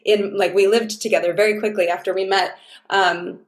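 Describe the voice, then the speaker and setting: A woman's voice: mid-range voice, steady tone, normal speed, roomy sound. A woman guest on an interview show, telling stories in an effusive, heartfelt, rambling way. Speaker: guest, dating mentor. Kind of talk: casual interview chat.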